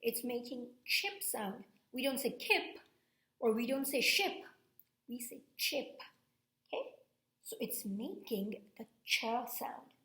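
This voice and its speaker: Slow, patient woman teaching phonics. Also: fairly high pitch, fairly bright tone, reverberant. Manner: slow and patient, asks "okay?" often and repeats sounds. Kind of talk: recorded phonics lesson.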